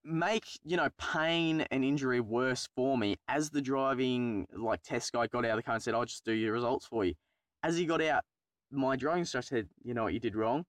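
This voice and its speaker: Speaking at medium pitch and a little fast, a young Australian man tells his vlog audience about his driving test. The story wanders, full of profanity and self-mockery, and there's no echo on the recording.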